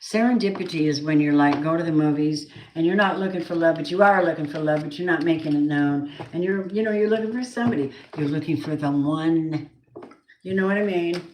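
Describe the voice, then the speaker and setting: A woman's voice: deep voice, fast, hardly any pauses, a little mellow. A woman giving a casual tarot card reading, chatty and blunt, swearing now and then. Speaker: tarot reader. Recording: roomy echo, faint noise.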